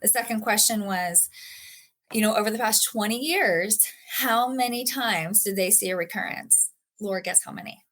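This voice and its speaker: A woman's voice: mid-range voice, normal speed, a bit bright. Woman guest, earnest and heartfelt, mid-range voice, conversational podcast storyteller. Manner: earnest, emotional, with frequent fillers. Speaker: patient guest. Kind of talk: personal story in a podcast interview.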